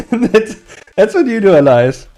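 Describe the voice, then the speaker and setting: A young man streams live while drawing his comic, chatting casually with viewers, rambling, laughing a lot and swearing freely. His voice is high and warm with big pitch swings, and he speaks a little slowly. Soft music plays in the background.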